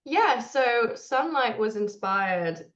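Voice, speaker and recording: A woman's voice: on the high side, lively intonation, slow, a bit bright, dull audio. A young woman from England whose English accent has picked up some American, chatting easily as an interview guest and laughing often. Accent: English mixed with American. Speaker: singer-songwriter guest. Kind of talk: casual interview chat.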